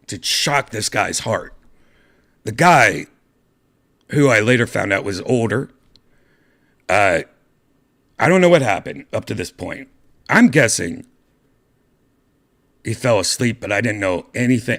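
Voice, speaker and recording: A podcast host tells a rambling story on his own show, in the style of a casual storytelling vlog, putting on voices for the people in it. His voice is fairly low in pitch and a bit bright.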